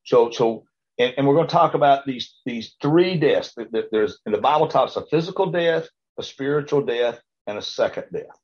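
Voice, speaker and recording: A man's voice: mid-range voice, expressive, normal speed, darkish tone, breathy edge. A man teaching an informal Bible class, rambling with frequent stammered restarts and checking in with his listeners. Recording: dull lo-fi recording.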